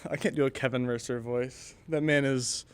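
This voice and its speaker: A man's voice: medium pitch, normal speed, clean tone. Laid-back young man telling stories. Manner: relaxed storyteller who laughs easily. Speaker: student on a class game project. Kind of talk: casual panel chat.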